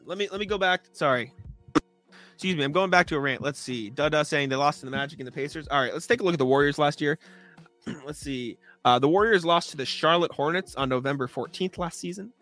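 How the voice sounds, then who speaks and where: On a sports podcast, a young co-host talks fast and works himself up into a sarcastic, exasperated rant, clearing his throat again and again. His voice is bright and a little high, with faint music underneath.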